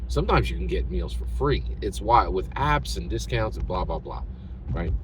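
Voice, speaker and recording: A man with a low voice tells a story as a rant, and his pitch swings widely. He keeps checking in with "right?" and sounds like he is talking to camera. Faint ambient noise sits behind him. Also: normal speed. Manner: animated, tags sentences with "right?". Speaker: channel host.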